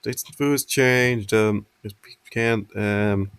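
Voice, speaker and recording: A man hosting a casual podcast, reading a fanfic aloud and chatting, halting with ums and self-corrections. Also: fairly low pitch, fairly even intonation, a bit bright, clear, resonant tone.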